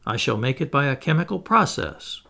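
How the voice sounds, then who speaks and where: A man voicing a confident, witty male adventurer who calmly answers every objection. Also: medium pitch, normal speed, creaky, full character voice. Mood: assured. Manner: cheerful, assured, explanatory.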